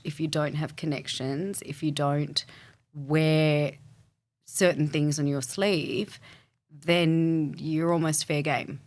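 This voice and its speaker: A low-pitched woman with an Australian accent, speaking as an interview guest. She talks candidly and reflectively, her thoughts flowing in long runs with "you know" and "um" woven through. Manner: thoughtful, candid, fluid with frequent fillers.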